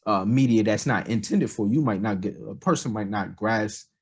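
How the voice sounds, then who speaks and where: Husky low-voiced man in casual chat. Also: moderate pace. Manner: rambling, animated, lots of fillers. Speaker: podcast co-host.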